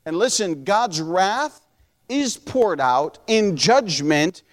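High-voiced earnest preacher man. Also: animated. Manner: earnest, conversational preaching with many restarts; slows and lifts voice when quoting scripture. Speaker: pastor. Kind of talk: sermon.

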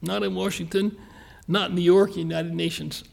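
A pastor preaching a sermon in a folksy, earnest way, slowing down to stress key lines and speeding through quick asides. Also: male voice, high voice, flat delivery, vocal fry, darkish tone.

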